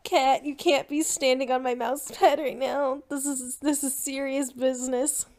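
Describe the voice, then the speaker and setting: A young woman streaming live whose voice sits very high. She talks slowly and playfully, giggling between lines as she chats to her viewers. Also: little pitch movement, a little mellow. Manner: giggly, bubbly, talks to chat. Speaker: live streamer, virtual avatar.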